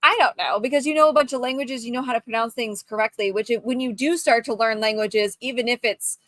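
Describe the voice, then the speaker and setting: A woman co-hosting a casual podcast chat, thinking out loud and explaining her view at length, laughing easily. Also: fairly high pitch, fast talker, no room sound. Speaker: co-host.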